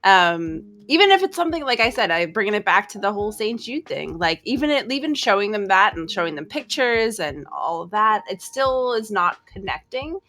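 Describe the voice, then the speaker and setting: A woman's voice: medium pitch, very animated, moderate pace, hardly any pauses, bright, forceful tone. A woman guesting on a casual podcast chat, rambling and hesitant with plenty of fillers. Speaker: streamer guest.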